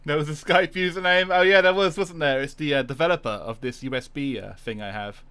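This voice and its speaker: A man's voice: fairly high pitch, a little fast, fairly bright tone, smooth. A man streaming a retro racing game, chatting casually and laughing at his own setup troubles. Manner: chatty, self-deprecating, laughs often. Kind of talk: casual gameplay livestream chat.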